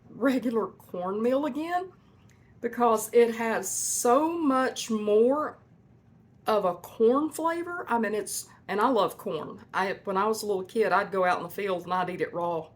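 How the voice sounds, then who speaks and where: A woman hosting a homestead cooking vlog from her kitchen, chatting to viewers in a folksy way. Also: on the high side. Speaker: homestead cooking channel host. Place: home kitchen.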